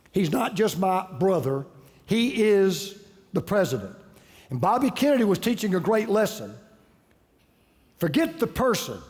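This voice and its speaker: A man's voice: high voice, darkish tone, long reverb tail. A man preaching a sermon as pastor, telling stories conversationally and repeating key phrases for emphasis.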